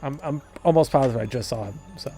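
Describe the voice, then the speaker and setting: A man's voice: medium pitch, fast talker, warm tone, faint music behind. A young man giving casual, profane, rambling commentary as he plays a video game, laughing often. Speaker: gameplay commentator. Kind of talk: casual let's-play commentary.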